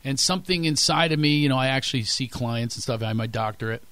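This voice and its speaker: A man in his fifties with a Philadelphia accent, a comedian guest telling stories and bits in quick runs. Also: mid-range voice, fairly bright tone, clear, resonant tone, dry recording. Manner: rapid storytelling, quick to launch into bits. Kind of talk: interview chat with joke bits.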